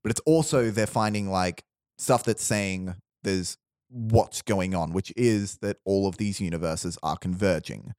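A man's voice: low-pitched, a little mellow, no echo, clean studio sound. A man casually telling a long story on a podcast, rambling with restarts and laughs. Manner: rambling, restarts, laughs often, quick asides. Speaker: podcast host pitching a film idea.

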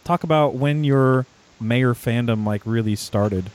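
A man's voice: mid-range voice, measured pace, a little mellow. Texan guy hosting a podcast, slight southern twang, jokey and laughing a lot, casual chat. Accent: light Southern US. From Texas, USA. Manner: jokey, laughs often, playful asides. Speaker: podcast host.

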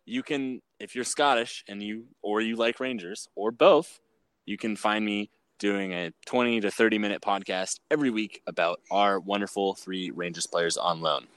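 A man's voice: on the low side, fairly even intonation, moderate pace, fairly bright tone, clear, resonant tone, no echo. A man co-hosting a podcast while drunk, joking around in a goofy way. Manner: goofy, joking, sing-song delivery. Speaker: podcast co-host. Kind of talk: casual podcast chat.

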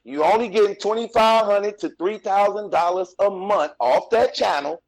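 A man's voice: high-pitched, moderate pace, rough recording. A man arguing insistently in a heated debate, repeating his points. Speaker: blogger caller.

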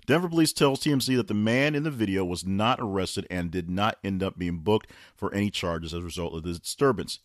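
Deep-voiced man hosting a news podcast. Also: no room sound, studio quality. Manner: reads headlines aloud, loose and rambling, with restarts. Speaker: podcast host. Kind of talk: casual news roundup.

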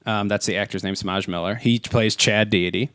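A man's voice: fairly low pitch, steady tone, brisk, a bit bright, clear, resonant tone, dry recording. A man co-hosting a podcast in casual chat, rambling with many fillers and restarts on a close mic. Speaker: podcast co-host.

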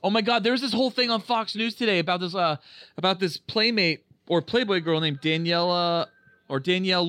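An excitable man co-hosts a casual podcast while watching a film, rambling from one story to the next and swearing freely. His voice sits a little high and sounds bright and forceful. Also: no room sound. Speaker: podcast co-host. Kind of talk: casual chat over a movie.

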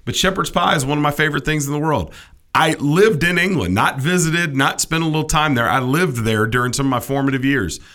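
A man's voice: on the high side, fairly quick, pushed and bright. A middle-aged man co-hosting a casual comedic chat, ranting with opinionated, mock-indignant energy. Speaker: podcast co-host.

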